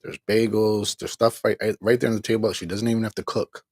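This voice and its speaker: Middle-aged man, livestream host, very low voice, husky, weary and exasperated, dry close mic. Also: little pitch movement, a little fast, a little mellow, no room sound. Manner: weary, exasperated, laughing ruefully. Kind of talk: venting on a livestream, reading chat.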